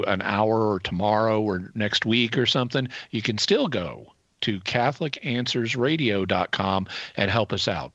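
A male radio co-host making an earnest, measured pledge appeal, quoting scripture. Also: on the low side, fairly bright tone, no room sound, lo-fi sound. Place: radio studio.

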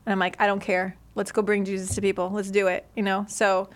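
A middle-aged woman guest telling stories in a casual studio chat, animated and full of fillers. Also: medium pitch, fast. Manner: chatty, animated storyteller with many fillers.

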